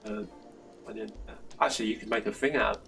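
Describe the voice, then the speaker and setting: Chatty older man, gravelly voice. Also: fairly low pitch, fast, fairly bright tone, soft background music. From South London. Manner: chatty, laughs often, many restarts. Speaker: live stream host answering plastering questions. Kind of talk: casual live stream chat. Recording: slightly distant mic with faint background noise.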